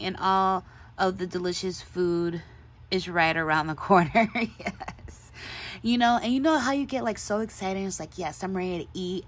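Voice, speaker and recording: Woman host, casual show-and-tell, gushing and giggly, medium voice. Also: mid-range voice. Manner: gushing, chatty, laughs often. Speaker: craft channel host.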